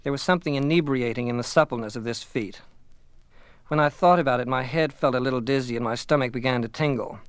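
A man's voice: mid-range voice, quick pace, clear, resonant tone, no room sound. Man reading a novel, dry and close. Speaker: audiobook narrator. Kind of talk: scripted first-person narration.

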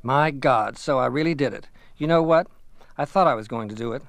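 A man reading the lines of a composed teenage boy athlete in a low-key, subdued voice. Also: fairly quick, creaky, no room sound, close to an everyday voice. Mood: amazed.

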